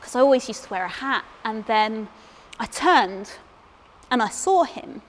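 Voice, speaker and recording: A young English solo performer tells a comic story from a theatre stage in a fairly high, animated voice, speaking a little slowly. Chatty and self-deprecating, she trips over repeated words while a long stage reverb trails behind her.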